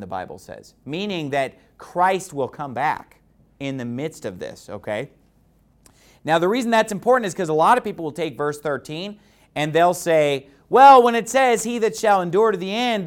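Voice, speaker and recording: A preacher giving a Bible sermon, explaining verses plainly, asking rhetorical questions, and reading old-style scripture slowly and with emphasis. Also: medium pitch. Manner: reads King James verses slowly and emphatically.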